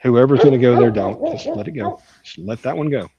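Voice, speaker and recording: A man's voice: medium pitch, wildly swooping pitch, a little fast, creaky, dark tone, dull audio, slight background noise. A man, joking and rambling in casual chat while fishing on a live stream. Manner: joking, rambling, self-mocking. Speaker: fishing channel co-host.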